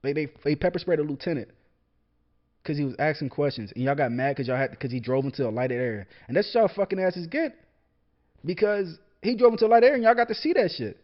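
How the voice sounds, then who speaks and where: A young man holds forth alone in a casual monologue, his voice high and swinging widely in pitch. He swears freely and trips over repeated words as he gets fired up. The recording is dull and lo-fi. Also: lively intonation, fast. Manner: heated, profane, repeats words when worked up. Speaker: podcast host, military veteran. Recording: dull lo-fi sound.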